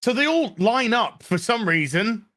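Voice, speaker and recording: List: show reviewer, sarcastic rant, profane, bright tone, slow delivery. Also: medium pitch, lively intonation. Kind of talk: ranting review.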